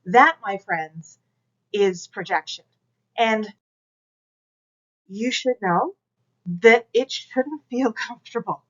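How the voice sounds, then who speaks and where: A woman instructor speaks to her class through a camera, coaching and direct in a slightly high voice. The recording is dull and lo-fi, like a plain lecture video. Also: slow, pauses often, fairly bright tone. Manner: direct, coaching, demonstrates projection aloud. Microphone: camera mic.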